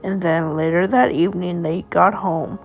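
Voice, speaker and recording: A woman's voice: fairly low pitch, fairly even intonation, normal speed, gravelly, faint music behind. A woman casually narrating an improvised story in a rambling, home-made way.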